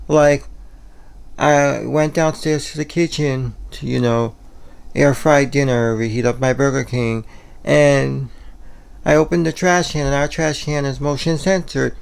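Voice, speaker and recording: A man's voice: mid-range voice, takes it slowly, vocal fry, long pauses, smooth. A man talking casually in a home vlog, rambling with lots of "you know" and "like" fillers. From Puerto Rico. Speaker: vlogger. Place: home, kitchen and bedroom.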